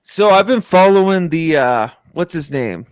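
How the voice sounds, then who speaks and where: A man hosting a podcast in casual chat, enthusiastic and quick to agree. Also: fairly high pitch, expressive, smooth, no echo, studio quality. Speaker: podcast host.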